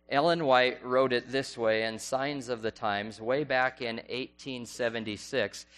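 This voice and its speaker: A man's voice: mid-range voice, a bit bright. Man preaching, quizzing his congregation. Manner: asks the congregation rhetorical questions; reads scripture and quotations aloud slowly. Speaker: pastor. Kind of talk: sermon.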